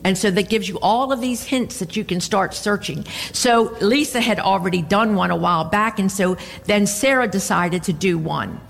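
A woman pastor preaching a sermon, expressive and punctuated with frequent amens. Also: medium pitch, normal speed, creaky, hardly any pauses, in a large hall, a little hiss or hum.

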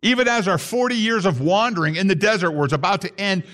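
A pastor preaches a sermon to his congregation, reading scripture and acting out grumbling voices. His voice is high and a bit bright, and he talks fast.

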